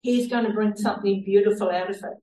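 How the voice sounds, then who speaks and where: A woman's voice: mid-range voice, fairly even intonation, fast, mellow. A woman sharing a personal faith testimony, telling her story earnestly and laughing now and then. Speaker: church member sharing a testimony. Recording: roomy sound from a distant mic.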